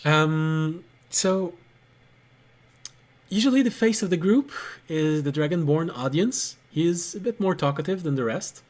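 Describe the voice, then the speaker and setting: A man's voice: on the high side, measured pace. Friendly man running a tabletop game. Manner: friendly, laughs often, hesitant with fillers. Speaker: game master.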